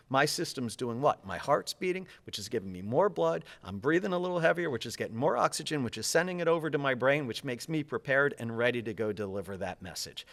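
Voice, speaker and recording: A man giving interview answers as a public speaking coach, energetic and fast-talking, gesturing as he speaks. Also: mid-range voice.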